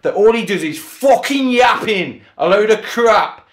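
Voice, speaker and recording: A man's voice: high-pitched, expressive, unhurried. A man ranting profanely in a vlog, often asking "do you know what I mean". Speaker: vlogger. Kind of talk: angry rant over video clips.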